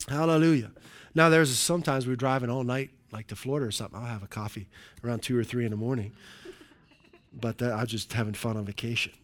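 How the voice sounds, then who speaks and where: A man preaching a sermon in an animated way, with frequent calls of hallelujah and joking asides to the congregation. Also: medium pitch, quick pace. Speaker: pastor.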